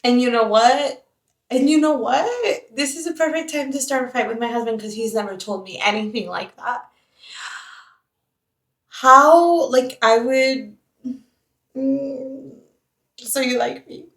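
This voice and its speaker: A young book vlogger with a high, fairly bright voice talks a little slowly, leaving long pauses. Her casual reading chat is full of dramatic reactions and repetition, filmed outdoors at a park and at home while she cleans.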